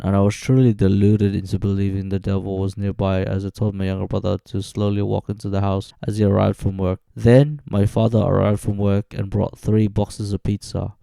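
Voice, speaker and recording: Low gravelly young man narrating. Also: no echo. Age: 20s. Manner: steady, plain reading of dates and events. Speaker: narrator of his own life story. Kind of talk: scripted personal narration.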